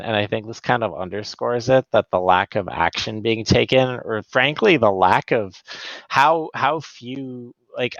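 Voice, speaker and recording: A man co-hosting a gaming podcast, speaking hesitantly and in a measured way, often stopping and restarting. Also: mid-range voice, vocal fry, fairly bright tone, no room sound, lo-fi sound. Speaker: podcast co-host. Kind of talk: casual podcast chat.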